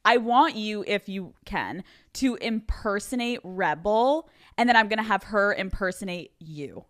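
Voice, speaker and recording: A woman's voice: mid-range voice, animated, a bit bright. A woman in her thirties hosting a podcast interview, enthusiastic and casually profane. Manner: enthusiastic, swears casually, quick reactions. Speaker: podcast host.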